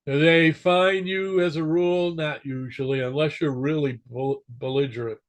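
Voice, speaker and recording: A man's voice: on the high side, steady tone, normal speed. A man teaching an amateur radio class in a casual, joking way, stopping to correct himself now and then. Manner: chatty, joking, self-correcting. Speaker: instructor.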